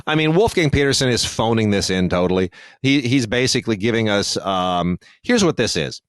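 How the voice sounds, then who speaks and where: A man's voice: fairly low pitch, expressive, fairly quick, a bit bright, clean tone, no echo, clean studio sound. A man co-hosting a podcast about film releases, talking in a thoughtful, digressive way with many restarts and fillers. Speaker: podcast co-host reviewing home video releases. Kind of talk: casual podcast discussion.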